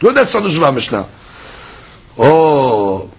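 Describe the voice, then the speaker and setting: Male Talmud teacher, husky, lively delivery, slightly high voice. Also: a little slow. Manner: lively, conversational, switching between texts and plain explanation. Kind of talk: daily Talmud class.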